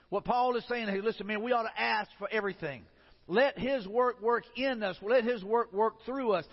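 High-voiced pastor preaching in a hall. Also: male voice. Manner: conversational preaching, repeats and restarts phrases. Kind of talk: sermon. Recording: muffled sound in a reverberant hall.

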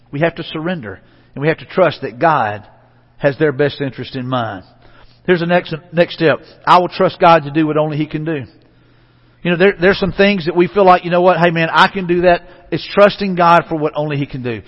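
A man pastor preaching a conversational sermon in a church, repeating phrases and letting line endings drop soft. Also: on the high side. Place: church sanctuary. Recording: dull, reverberant church hall recording.

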